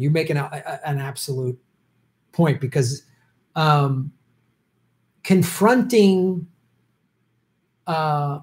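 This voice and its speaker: Male livestream host, casual, rambling, fills pauses with ums and little laughs. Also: fairly high pitch, a little mellow. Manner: rambling, many ums, chuckles, jokey asides. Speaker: show host answering viewer questions.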